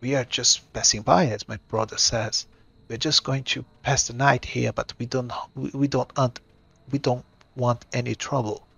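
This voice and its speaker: A man's voice: medium pitch, fairly even intonation, moderate pace, gravelly, a bit bright, breathy edge, dry recording. A man voicing a compassionate young adventurer woman who pleads earnestly with her brother. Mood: placating.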